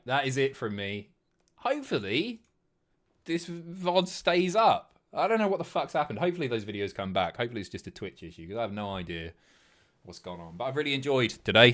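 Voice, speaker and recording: A man's voice: medium pitch, a bit bright. A man streaming, casually commenting on TV clips with a lot of swearing.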